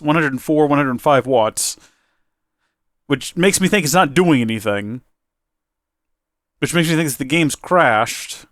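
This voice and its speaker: A man's voice: fairly high pitch, fairly bright tone, no room sound, clean studio sound. A man hosting a casual gameplay video, talking in a rambling, self-deprecating and flustered way. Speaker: let's play host.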